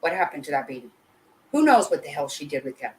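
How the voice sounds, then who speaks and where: A woman with a low voice gives live commentary to her chat. She talks bluntly and emotionally, swears freely and keeps breaking off and restarting her sentences. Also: big pitch swings, fast, rough recording. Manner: blunt and heated, with frequent swearing. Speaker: channel host.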